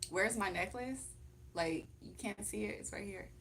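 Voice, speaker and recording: A woman's voice: mid-range voice, moderate pace, vocal fry, fairly bright tone. A young woman hosting a casual livestream from home, chatting, laughing often and reading comments aloud. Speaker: livestream host.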